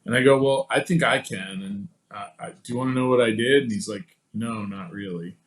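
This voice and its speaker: A man guesting on a podcast, telling a personal story in a casual, animated way and acting out the quoted dialogue. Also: mid-range voice, fairly quick, rough recording. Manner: casual, many fillers like "like" and "you know".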